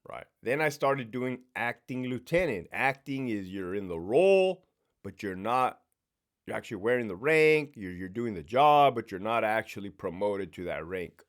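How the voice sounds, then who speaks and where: A middle-aged man spins blunt, profanity-laced stories from his prison days, and his pitch rises and falls with lively swings. His delivery is casual, direct and animated. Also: moderate pace. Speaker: former prison sergeant telling stories. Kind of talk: casual storytelling monologue.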